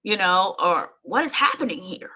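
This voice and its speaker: Bright-voiced woman telling a raw story. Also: medium pitch, big pitch swings, normal speed, husky. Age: adult parent. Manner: intense, repeats herself, speaks straight to listeners. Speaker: host telling her own story. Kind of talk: emotional personal storytelling.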